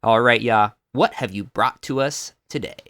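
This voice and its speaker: A man hosting a casual card-game podcast, talking in an animated way and laughing often. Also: mid-range voice, moderate pace. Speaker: podcast host.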